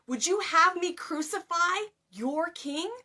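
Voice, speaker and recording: A woman's voice: high-pitched, expressive, normal speed, pushed and bright, exaggerated voice. A woman doing a stern Roman governor. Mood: firm.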